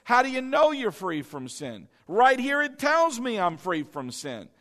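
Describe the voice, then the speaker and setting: A man's voice: very high-pitched, wildly swooping pitch, measured pace, sharp tone, in a large hall. A male pastor preaching a sermon, emphatic and repetitive, calling on the congregation to say lines back. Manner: emphatic, repeats questions and has the congregation repeat lines.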